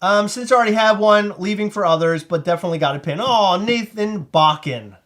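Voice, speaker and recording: A man with a Maryland accent hosting a casual livestream, excitable and rambling, laughing often. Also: sits high, a little fast. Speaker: host.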